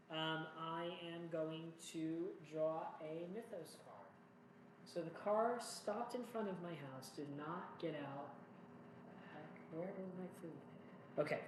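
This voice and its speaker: A man talking through a solo board game playthrough, chatty and rambling, with jokey asides to himself. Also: fairly high pitch. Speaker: board game player and host. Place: home room. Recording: echoey room with faint noise.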